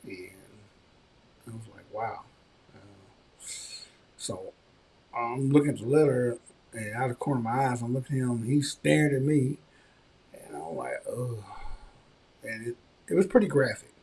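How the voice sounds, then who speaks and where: Podcast host, male, husky with some gravel, mellow tone, chatty storyteller. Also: mid-range voice, moderate pace, long pauses. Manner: conversational, animated when quoting others. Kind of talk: casual storytelling and advice talk.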